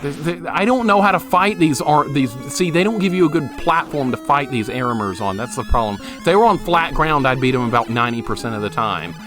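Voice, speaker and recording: A man in his thirties talks through a retro game in a loose, joking stream chat, laughing easily and cursing now and then. His pitch swings widely as he reacts, sitting at an ordinary middle height. Loud game music runs underneath him. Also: brisk, few pauses. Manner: chatty, animated, laughs easily, swears casually. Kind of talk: casual gameplay commentary, chatting with viewers. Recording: game music playing loudly beneath the voice.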